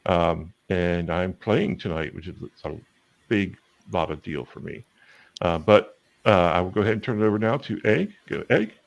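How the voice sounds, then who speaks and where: A man hosting and opening a live tabletop game show, halting, with many filler sounds. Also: low-pitched, expressive, vocal fry, no room sound. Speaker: show host and player.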